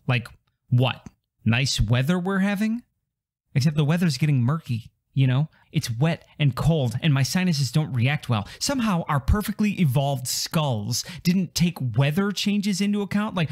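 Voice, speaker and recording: Man, comedy podcast host, grumbling, sarcastic, higher-pitched voice. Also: darkish tone. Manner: grumbling, sarcastic, self-mocking. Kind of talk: comedic ranting monologue.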